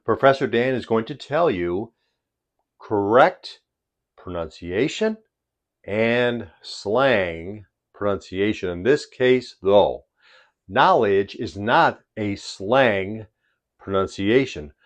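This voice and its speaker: Chicago-accented male English teacher, low voice, unhurried and deliberate delivery for a pronunciation lesson. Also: lively intonation. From United States. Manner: slow, deliberate, stresses words one by one. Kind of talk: vocabulary lesson to camera.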